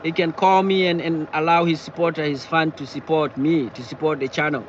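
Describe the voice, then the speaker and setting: A man chatting casually on a live stream from his car, talking in halting bursts and repeating himself as he answers viewers. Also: a little high, fairly even intonation, lo-fi sound, a little hiss or hum. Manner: halting, repeats words and phrases often. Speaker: livestreamer reading viewer chat. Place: in or beside a parked car.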